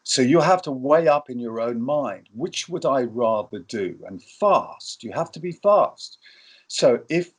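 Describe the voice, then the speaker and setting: A man's voice: mid-range voice, slightly rough. Middle-aged man, film industry guest, advice with acted-out quotes. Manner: storytelling, acts out quoted lines. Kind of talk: advice talk.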